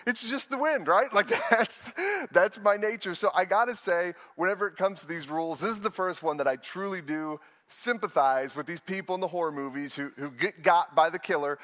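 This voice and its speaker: Animated young pastor preaching. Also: male voice, sits high, a little fast, big-room sound. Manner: animated storytelling with playful asides. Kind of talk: sermon.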